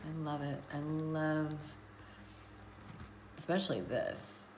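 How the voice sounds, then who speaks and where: A woman's voice: deep voice, takes it slowly, background noise. A woman who coaches nutrition, chatting casually to viewers and thinking aloud as she works with plants in an indoor grow room. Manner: chatty, rambling, thinks aloud while working. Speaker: hydroponic gardener and nutrition coach. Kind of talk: casual live chat to viewers.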